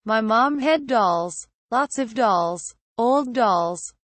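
A woman's voice: on the high side, animated, drawn-out words, no echo, heavily acted. A small, frightened girl from a spoken horror story who wants to become a doll, voiced by a woman. She speaks in short, plain, childlike phrases. The recording is dry and close. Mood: small, scared.

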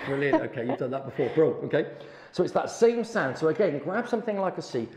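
Demonstrating sounds to a saxophone student, the middle-aged teacher is chatty and encouraging, speaking quickly in a medium-pitched, animated, slightly mellow voice. The hands-on lesson is recorded with roomy echo and faint background noise.

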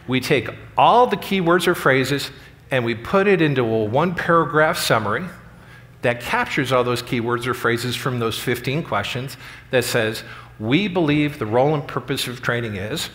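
A man's voice: medium pitch, animated, normal speed, a bit bright. A middle-aged man giving a keynote speech at a conference, telling stories in an earnest way and acting out what others said. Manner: earnest, story-driven, acts out quoted lines. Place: large conference hall. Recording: long hall reverb.

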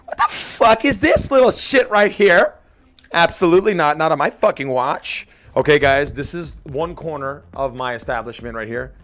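Brash, lively, high-voiced man gamer. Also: moderate pace. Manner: brash, profane, joking, bursts into shouting. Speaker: gaming video host. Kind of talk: casual gameplay commentary.

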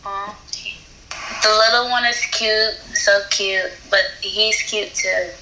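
A woman's voice: mid-range voice, fairly even intonation, slow, roomy sound, background noise. A woman from New York on a video-chat app, giving earnest, motherly advice in casual banter. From New York, USA. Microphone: phone on a video-chat app.

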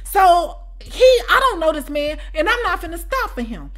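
A woman with a high voice tells a personal story in a relaxed storytime chat. She is animated and keeps asking her listeners whether they follow her. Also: normal speed. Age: adult with children. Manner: animated, keeps asking "you know what I'm saying?". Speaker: storytime channel host. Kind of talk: casual storytime.

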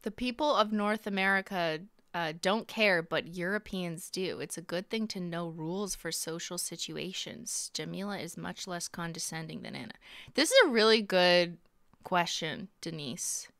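Chatty bright-voiced woman streamer. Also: on the low side, moderate pace, no echo, studio quality. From Canada. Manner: chatty, playful, sarcastic, laughs often. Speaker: streamer reacting to videos. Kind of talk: casual live-stream commentary.

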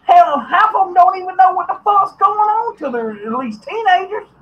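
A man's voice: very high voice, expressive, moderate pace, highs cut off. A man hosting a podcast, ranting bluntly and profanely, getting heated at times. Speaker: podcast host. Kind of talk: ranting commentary.

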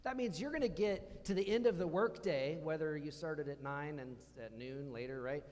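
A man's voice: on the high side, moderate pace, darkish tone, big-room sound. A man preaching a conversational sermon in a church, asking the congregation questions as he goes. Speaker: pastor. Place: church hall.

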